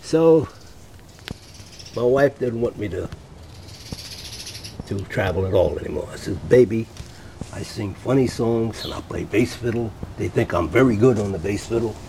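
A man's voice: fairly low pitch, moderate pace, pauses often. Older guy telling old showbiz stories on the radio, does all the voices, bit of hiss behind him. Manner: lively anecdotal storyteller, acts out quoted voices. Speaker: guest, veteran voice actor and musician. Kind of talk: radio interview storytelling.

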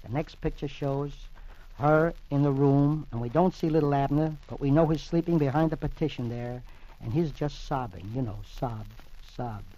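A folksy, chatty man reads the newspaper comics aloud for 1940s-style radio, explaining each panel in casual talk. His voice is a bit high for a man, and the old broadcast recording is dull and lo-fi. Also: normal speed, mellow. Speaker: radio host reading the comics.

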